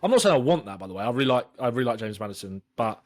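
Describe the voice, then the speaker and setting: A young man, co-hosting a casual football podcast in a relaxed, bantering way. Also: mid-range voice, rapid-fire. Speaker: podcast co-host.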